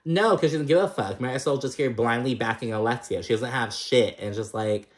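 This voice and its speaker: Profane young man ranting through a recap. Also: a little fast. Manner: profane, exasperated, mimics cast members in higher voices. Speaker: reality TV recap host. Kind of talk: casual recap rant.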